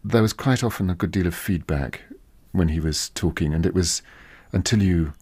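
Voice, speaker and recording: A man's voice: deep voice, normal speed, a little mellow, slightly rough, no room sound. A biographer, a man, talking reflectively in an interview and thinking aloud with small restarts. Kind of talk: interview commentary.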